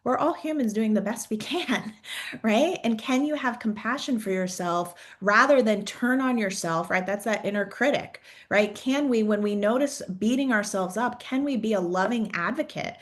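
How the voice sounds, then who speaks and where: A woman's voice: a little high, normal speed. Encouraging woman career coach. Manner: conversational, peppers sentences with "right?"; encouraging, posing reflective questions. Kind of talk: coaching talk to an audience.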